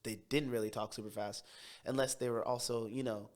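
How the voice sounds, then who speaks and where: A young man from Tacoma, a podcast guest telling his story in a quick, brash, animated way. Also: mid-range voice. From Tacoma, Washington. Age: young adult. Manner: fast, brash city talker who speeds up when excited. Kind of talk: casual storytelling interview.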